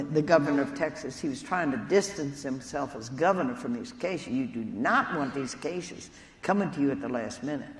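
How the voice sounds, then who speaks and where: A woman, a nun, giving an earnest storytelling keynote talk and speaking directly to an audience of lawyers. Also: low-pitched. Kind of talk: conference keynote speech. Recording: echoey hall, faint room noise.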